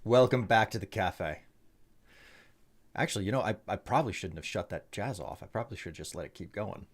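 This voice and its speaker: A man's voice: fairly low pitch, expressive, fairly quick, slightly rough. A man streaming a game, chatting casually with his viewers and trailing off with fillers. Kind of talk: casual chat while playing a game.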